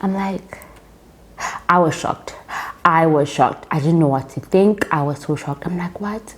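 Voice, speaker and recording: A woman's voice: low voice, unhurried. A young South African woman vlogging casually, retelling a personal story with quoted dialogue and often calling her viewers guys.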